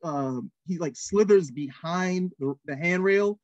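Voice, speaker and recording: Animated man co-hosting a film review. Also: high-pitched, slow, no room sound, muffled recording. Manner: animated, rambling with restarts. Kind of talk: casual review chat. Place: TV studio.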